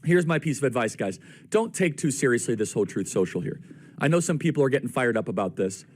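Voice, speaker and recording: A man's voice: medium pitch, expressive, quick pace. A man giving political commentary, confidently listing points and speaking directly to his viewers. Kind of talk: talk show commentary.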